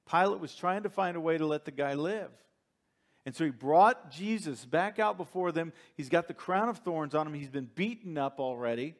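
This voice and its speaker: A man preaching a sermon as pastor, reading scripture dramatically and moving between hushed and emphatic delivery. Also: on the high side, animated, normal speed.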